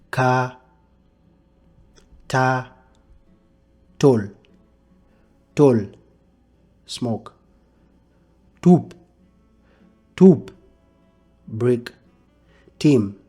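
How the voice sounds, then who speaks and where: A man with a Dinka accent leads a slow alphabet lesson. He says each word twice with a lift, then drops lower and quieter to give its English meaning. His voice is mellow and unhurried, with faint music behind him. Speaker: language teacher.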